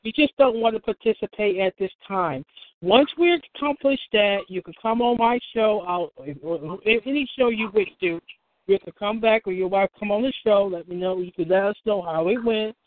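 A woman's voice: medium pitch, moderate pace, dry recording. A woman hosting a call-in show, giving casual advice, often restarting and acting out little dialogues. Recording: tinny phone line.

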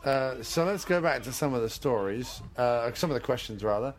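A man's voice: mid-range voice, expressive, normal speed. A man co-hosting a casual movie commentary podcast, joking around. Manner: jokey, puts on silly voices. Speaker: podcast co-host.

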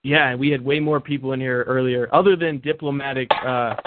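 A man hosting a rowdy podcast, pushing the guests to fight it out. His voice sounds thin and phone-like. Noise runs clearly under it. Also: medium pitch, steady tone, fairly quick. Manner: pushy, egging others on. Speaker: podcast host. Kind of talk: podcast banter. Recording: tinny line with noise.

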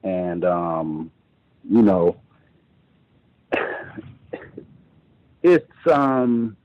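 A man calling in to a radio show, speaking in a hesitant, measured way with many pauses. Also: deep voice, animated, muffled recording. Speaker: caller. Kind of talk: call-in radio commentary.

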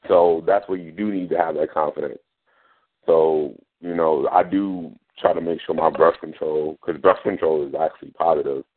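A man's voice: extremely low pitch, steady tone, normal speed. A man hosting a radio show, chatting casually about poetry and often asking "you know what I'm saying". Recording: phone-like radio audio.

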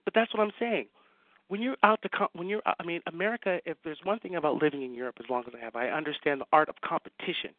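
A man guest on a radio talk show, telling anecdotes with excitement and acting out the dialogue. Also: on the high side, fast, no echo. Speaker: guest writer. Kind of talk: animated storytelling in a radio chat. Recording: dry, phone-like line.

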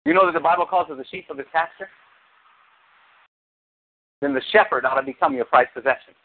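A man preaching a sermon as pastor, animated, with sudden high exclamations. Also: brisk. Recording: tinny phone-like sound.

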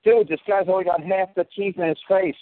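A man in his fifties talks on a call, blunt and full of curses, hammering his points home. His voice sits a little high. It comes through a thin, tinny phone line with a faint hiss. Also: fairly even intonation, brisk. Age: 50s. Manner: blunt, profane and emphatic. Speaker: caller giving advice.

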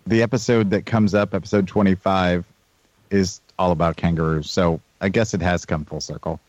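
A man's voice: low voice, steady tone, moderate pace, a little mellow, no room sound. An Australian man hosting a podcast in casual, joking chat. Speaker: podcast host. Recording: dry, slightly dull sound.

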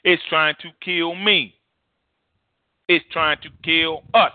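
A man's voice: on the high side, fairly even intonation, slow pace, dry recording. A male pastor preaching a sermon in an impassioned, emphatic way, repeating phrases for effect, heard over a tinny phone-like line.

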